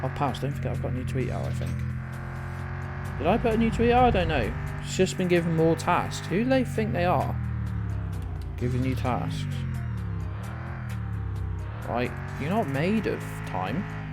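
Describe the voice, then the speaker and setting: A man's voice: a little high, big pitch swings, normal speed, long pauses, loud music behind the voice. A man streaming a game, chatting casually, swearing freely and answering his chat. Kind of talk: casual gameplay commentary.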